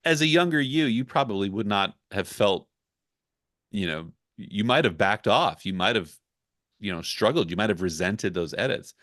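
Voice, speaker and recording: A man's voice: on the low side, animated, moderate pace, fairly bright tone, dry recording, clean studio sound. A man who works as a ghostwriter, speaking candidly and reflectively in a casual podcast conversation. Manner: candid, reflective, talks it through. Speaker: ghostwriter guest.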